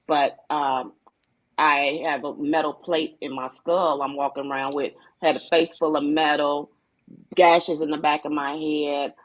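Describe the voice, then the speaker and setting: A woman guest telling her own story on a talk show, speaking hesitantly with many restarts and pauses. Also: sits low, level tone. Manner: hesitant, with frequent restarts and fillers. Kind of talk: personal testimony on a talk show.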